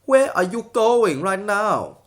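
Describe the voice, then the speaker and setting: A man putting on an exaggerated mock accent with clipped, broken grammar, drawn out slowly. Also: sits high, very animated, a bit bright, voice pushed up, full character voice.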